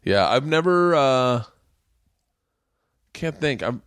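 A middle-aged man tells a long, animated story on his podcast and acts out each person in it. He swears freely, and his voice is recorded dry and close to the mic. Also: mid-range voice, takes it slowly, smooth, dry recording. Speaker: podcast host. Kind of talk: casual chat.

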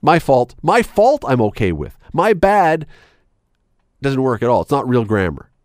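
Male radio host, opinionated and sarcastic, animated delivery, dry close studio sound. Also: unhurried, dry recording. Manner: emphatic, sarcastic, wide swings in pitch. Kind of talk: opinionated talk radio rant.

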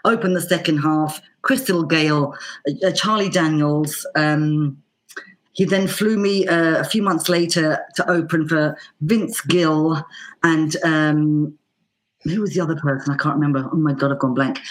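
A middle-aged Irish woman, a banjo player, telling a casual anecdote in a lively way, acting out the voices she quotes. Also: low-pitched, unhurried. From Ireland. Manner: lively, acts out quoted voices with lots of fillers. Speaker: banjo player and teacher guest.

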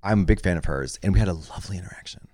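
A man co-hosting a podcast, quippy and quick with jokes in a casual chat. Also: low voice, a little mellow, no echo, clean studio sound. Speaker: podcast co-host.

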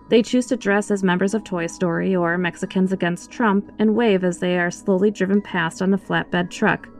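A woman reads a first-person horror story aloud in a medium pitch, her scripted storytelling voice expressive. Faint music plays behind her.

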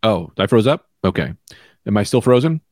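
A man's voice: on the low side, very animated, moderate pace, a little mellow, dry recording, clean studio sound. A man co-hosting a casual chat over a remote call, telling rambling stories and swearing freely. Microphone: remote call mic.

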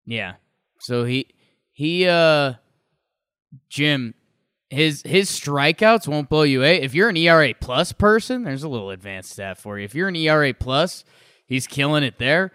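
A man with a smooth, resonant voice that sits a little high, chatting about baseball as a podcast co-host. He talks in animated bursts, rambling and restarting his thoughts. The sound is close and dry, with no room around it. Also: unhurried, dry recording. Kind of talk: casual sports chat.

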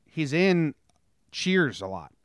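A man's voice: a little high, sing-song, slow pace, smooth, dry recording, studio quality. A man co-hosting a podcast, chatting casually about sports and TV, rambling and interrupting himself. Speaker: podcast co-host.

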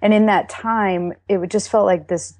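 A woman's voice: medium pitch, steady tone, a little mellow, no room sound. Earnest Texas woman sharing her testimony. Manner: earnest and emotional, with halting restarts. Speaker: interview guest. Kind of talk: candid faith testimony.

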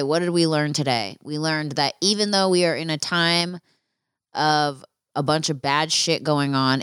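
A woman's voice: low voice, fairly bright tone, clean tone, no echo, clean studio sound. A young woman hosting a solo podcast, telling a story in a frank, casual way with plenty of swearing and fillers. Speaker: podcast host.

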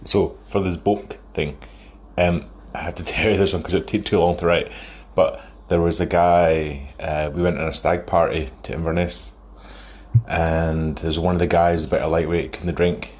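Man, thirties, very low voice, rambling anecdote, chuckles, phone voice note. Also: level tone, normal speed. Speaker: caller sending a voice note. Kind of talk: casual storytelling.

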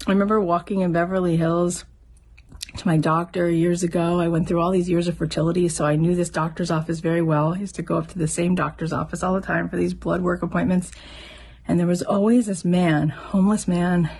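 A middle-aged woman talks earnestly on her own podcast, telling a story to encourage her listeners. Her voice sits a little low for a woman. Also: darkish tone, slightly rough. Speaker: podcast host. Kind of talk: heartfelt motivational talk.

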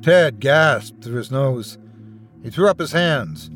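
A man's voice: mid-range voice, lively intonation, slow pace, a bit bright, faint music behind. A man hosting a horror podcast, reading a scary story aloud in a dramatic, suspenseful manner. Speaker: horror podcast host and narrator. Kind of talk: scripted horror story narration.

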